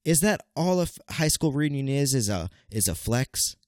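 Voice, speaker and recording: A man's voice: medium pitch, very animated, moderate pace, darkish tone, dry recording. Late-20s male podcast host, nasal and congested, rambling and stammering, dry close sound. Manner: rambling, stammering, keeps calling listeners "people". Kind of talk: casual solo podcast monologue.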